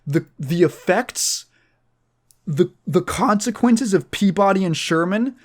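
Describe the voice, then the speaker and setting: A man's voice: high voice, expressive, takes it slowly, darkish tone. Male podcast host, casual chat, rambling and profane, laughs often.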